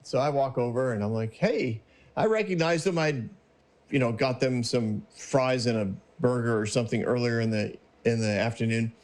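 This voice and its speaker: A man's voice: mid-range voice, moderate pace, darkish tone. A man hosting his own podcast, telling a personal story in a casual, cheerful way, laughing often and acting out the people he quotes. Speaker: podcast host.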